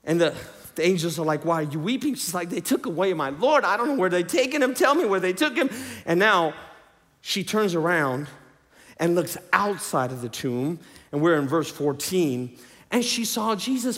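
A man preaching a sermon, with a repeating cadence that swings between loud declarations and hushed lines. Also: sits high. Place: church sanctuary. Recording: reverberant hall.

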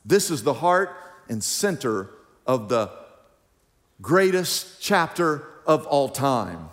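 A man's voice: a little high, sing-song, slow pace, a bit bright, in a large hall. A man preaching a sermon in a church, emphatic and questioning the congregation directly. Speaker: pastor. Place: church sanctuary.

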